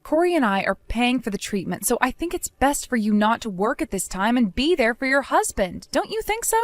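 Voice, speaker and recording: A woman voicing a patient young daughter-in-law who talks in a measured, pointedly questioning way. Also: fairly high pitch, sing-song, no echo. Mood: earnest.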